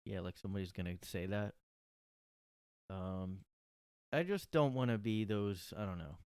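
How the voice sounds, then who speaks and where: A man's voice: lowish voice, normal speed, a little mellow, clean tone, no room sound, studio quality. A man hosting a solo podcast from his room, rambling and sarcastic with lots of fillers. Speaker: podcast host. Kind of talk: casual solo monologue.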